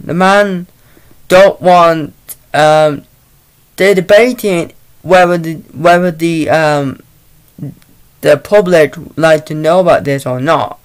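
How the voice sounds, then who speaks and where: Halting, slow-talking man reviewing a movie. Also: on the high side, smooth. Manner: halting, rambling retelling with many restarts.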